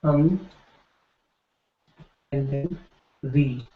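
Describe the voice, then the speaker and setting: A man's voice: mid-range voice, very slow. A man teaching a classroom lecture, explaining patiently and often checking in with "right?". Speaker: Hindi teacher. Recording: echoey room, dull lo-fi sound.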